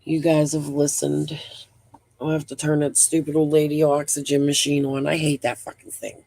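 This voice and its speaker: A woman's voice: sits low, completely flat delivery, moderate pace, vocal fry, dark tone, dry recording. A middle-aged woman hosting a casual live stream. She talks bluntly, rambles, swears freely and breathes heavily.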